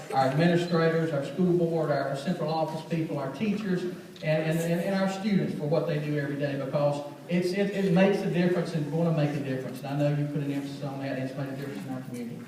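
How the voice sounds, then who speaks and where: A man's voice: fairly high pitch, fairly even intonation, quick pace, warm tone, a little hiss or hum. A man leading a school system, giving a rambling welcome speech at a school assembly with many restarts and thanks. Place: school assembly hall, indoors. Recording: echoey hall from far off.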